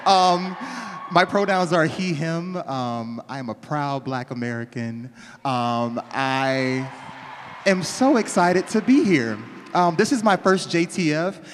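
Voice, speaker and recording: Slow, lively man introducing himself. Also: fairly high pitch, a little hiss or hum. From Miami, Florida. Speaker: actor, panelist. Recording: reverberant hall with faint ambience.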